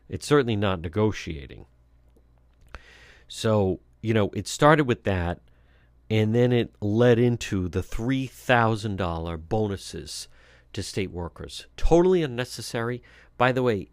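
A man's voice: on the low side, dry recording. A man hosting talk radio, giving blunt, scornful political commentary with frequent fillers and restarts.

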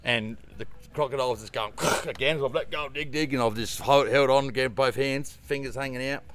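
A man's voice: mid-range voice, brisk, fairly bright tone. A man with an Australian accent, a guest telling a story in rambling casual conversation, swearing often and leaning on fillers.

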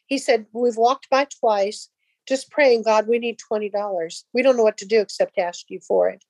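A middle-aged woman tells a personal story in a relaxed, chatty way. Her voice sits a little high, and she acts out each quoted line with lively shifts. The sound is close and dry, with no room around it. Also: normal speed, no room sound. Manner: animated, acts out dialogue in voices. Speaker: guest telling a faith story. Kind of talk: casual storytelling.

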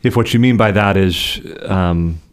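A man co-hosting a podcast, explaining theology in a measured, conversational way with frequent restarts. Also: deep voice, smooth.

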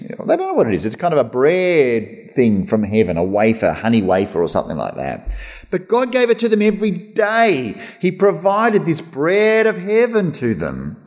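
A man preaching a conversational sermon as pastor, lively and chatty, slipping into mock voices. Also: on the high side, moderate pace. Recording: long hall reverb.

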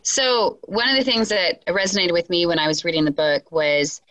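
A woman's voice: on the low side, fairly even intonation, moderate pace, a bit bright, a little hiss or hum, rough recording. A woman educator talking thoughtfully and evenly about a book on a podcast. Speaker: educator, librarian. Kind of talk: casual book chat.

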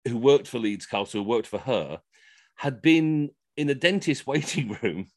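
A middle-aged man telling comic anecdotes on a video call, animated and slipping into funny voices for the people in his stories. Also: mid-range voice, no echo. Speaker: costumed Henry VIII entertainer telling stories.

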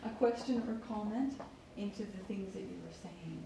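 A woman teaching a conversation class, explaining in lively bursts and acting out listener reactions, in an echoey room. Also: medium pitch, normal speed, creaky. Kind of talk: classroom coaching. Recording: echoey room with faint background noise.

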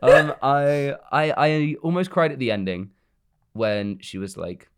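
A man's voice: medium pitch, expressive, measured pace, smooth. A young man, chatting casually about a film, rambling and laughing often.

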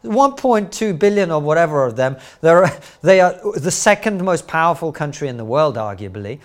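A middle-aged man with a slightly raised pitch tells stories as a podcast guest. He moves fast between anecdotes and rhetorical questions in a lively, engaged way. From Soviet Union, raised later in Britain. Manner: animated storyteller, quick asides and rhetorical questions. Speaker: guest, comedian and commentator. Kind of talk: podcast interview.

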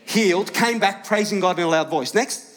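High-voiced pastor preaching in a hall. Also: male voice, moderate pace. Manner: emphatic, shouts at peaks, asks congregation questions. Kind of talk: sermon. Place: large church hall with congregation. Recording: live church hall with long reverb.

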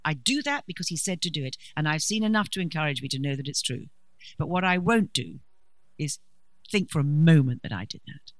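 A middle-aged woman giving a preaching talk at a conference, a lively storyteller with dry humour. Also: low voice, a little fast, no room sound, rough recording. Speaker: conference speaker.

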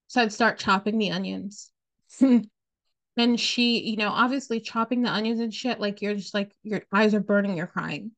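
A woman's voice: medium pitch, steady tone, moderate pace, fairly bright tone. A woman hosting a podcast, telling a personal story in a candid, blunt, casual way, swearing freely and leaning on "like" and "you know.". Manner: frequent "like" and "you know" fillers. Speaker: podcast host.

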